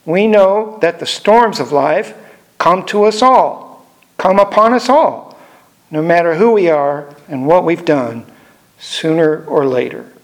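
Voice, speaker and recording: An older man preaching a sermon in a measured way, repeating phrases for emphasis. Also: a little high, expressive.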